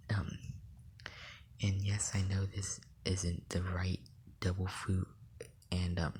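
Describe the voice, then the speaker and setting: A fan storyteller at home at night, talking low in a near whisper, rambling with many fillers. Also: creaky, a little mellow, slight background noise. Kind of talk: casual fan-fiction storytelling.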